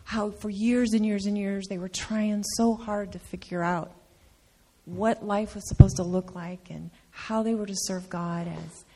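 A woman's voice: medium pitch, fairly even intonation, unhurried, mellow, slight background noise. A woman sharing an earnest testimony with her congregation, stressing her points by repeating them. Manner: earnest, emphatic repetition. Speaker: trip speaker sharing testimony. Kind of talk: heartfelt testimony.

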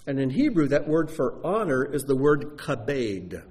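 A man preaching a sermon to his congregation, animated and talking straight to them with questions. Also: a little high, normal speed. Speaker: pastor. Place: sanctuary before a congregation.

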